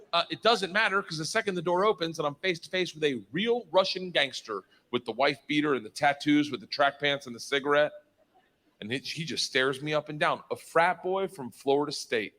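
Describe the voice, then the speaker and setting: Bright, loud man telling a stand-up story. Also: on the high side, expressive, a little fast. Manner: loud, profane, laughing storytelling. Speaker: stand-up comedian.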